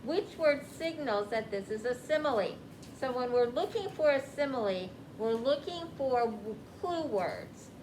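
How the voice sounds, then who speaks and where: Guiding female teacher, slightly high voice. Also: expressive, measured pace, background noise. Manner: guiding, questioning the class. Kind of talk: classroom reading lesson. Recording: echoey room with clear background ambience.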